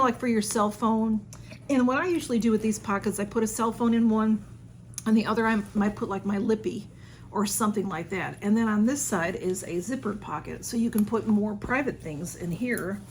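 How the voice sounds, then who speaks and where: Woman vlogger, casual and effusive, mid-pitched voice, faint background hiss. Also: moderate pace. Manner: gushing, exclaims the sender's name, chatty with fillers. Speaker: vlogger unboxing a gift. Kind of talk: casual unboxing chat.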